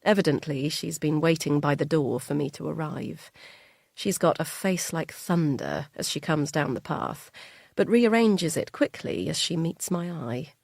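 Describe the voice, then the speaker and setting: A woman reading a first-person thriller audiobook in a quiet, measured way. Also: low-pitched, expressive, creaky, dry recording, clean studio sound. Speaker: audiobook narrator.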